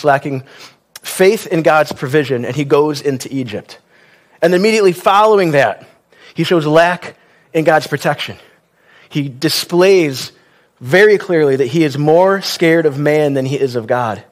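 A man's voice: a little high, lively intonation, moderate pace. A man preaching a sermon in a conversational style, with wry asides and questions to the congregation.

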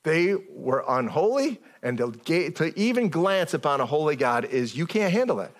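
A man preaching a sermon in a conversational way, often stopping and restarting his sentences and rising in pitch as he stresses a point. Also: very animated, moderate pace. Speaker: pastor.

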